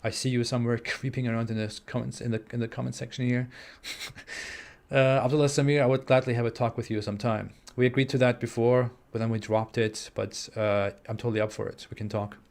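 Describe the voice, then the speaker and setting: A man's voice: mid-range voice, level tone, a little fast, vocal fry, a little mellow. Hesitant young German-accented man. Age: 20s. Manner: hesitant, many fillers and restarts. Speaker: livestream host. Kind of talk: live-stream chat reading super chats. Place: home in the US Midwest.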